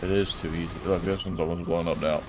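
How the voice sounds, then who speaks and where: A man's voice: low voice, fairly even intonation, quick pace, noisy background. A man giving casual let's-play commentary on his gameplay, chuckling often and blurting surprised exclamations.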